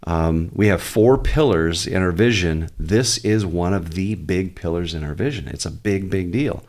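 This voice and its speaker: A man's voice: low voice, moderate pace, a little mellow. A man who is a pastor, guesting on a podcast and explaining his ideas earnestly and at length. He often restarts his sentences and brings in light humor. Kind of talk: casual podcast interview.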